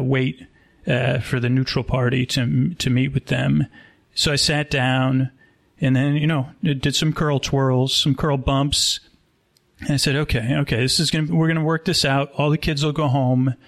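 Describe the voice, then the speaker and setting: A man telling an improvised comic story at a live show, rambling and deadpan, with many restarts. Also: mid-range voice. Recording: rough live show audio.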